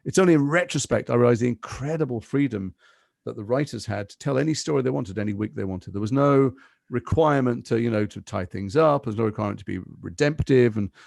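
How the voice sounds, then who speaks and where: An English man in his fifties, a guest actor in a podcast interview, telling stories quickly with lots of asides. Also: medium pitch, creaky, no echo, clean studio sound. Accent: English, Liverpool and London mix. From England. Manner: fast, animated storytelling with asides.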